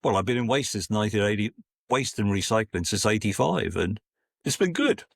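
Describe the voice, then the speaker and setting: A gravelly, animated Scotsman in his sixties guests on a podcast, briskly rambling through anecdotes with constant restarts and acted-out quotes. His pitch is fairly low, and the recording is dry with clean studio sound.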